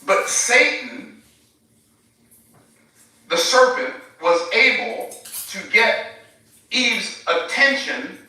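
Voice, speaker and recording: Guy preaching on a livestream, bright voice, keeps throwing questions at you, super echoey room. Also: very high-pitched, animated, very slow, long pauses, recorded from a distance. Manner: emphatic, rhetorical questions to the viewer. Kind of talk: live-streamed sermon.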